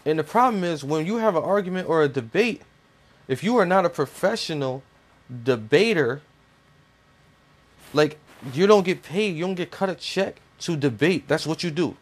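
A man's voice: fairly high pitch, lively intonation, moderate pace. Man ranting heatedly, swearing constantly. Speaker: commentator. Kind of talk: profane opinion rant.

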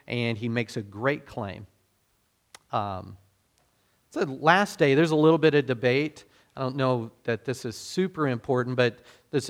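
Man, pastor, casual sermon delivery, chatty, mid-pitched voice, ums and restarts. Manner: conversational, self-deprecating, many fillers and restarts.

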